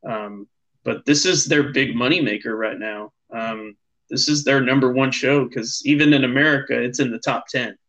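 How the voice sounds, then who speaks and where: A man's voice: mid-range voice, normal speed, muffled recording. Rambling man co-hosting a podcast. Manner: relaxed, rambling, with many ums and restarts. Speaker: podcast co-host. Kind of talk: casual show review chat.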